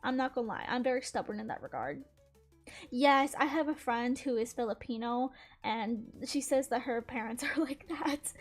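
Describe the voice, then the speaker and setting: A young woman chats on her stream as she plays, her voice sitting high. She tells her stories with animated, giggly energy. Faint game music runs quietly underneath. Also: normal speed. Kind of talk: casual chat while gaming.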